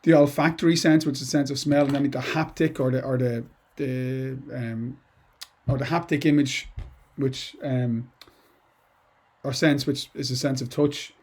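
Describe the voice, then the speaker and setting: A man's voice: medium pitch, fairly even intonation, a little slow, a little mellow. A middle-aged man teaching poetry to students in a chatty, digressive way, full of asides and restarts. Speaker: English teacher. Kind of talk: informal lesson to students.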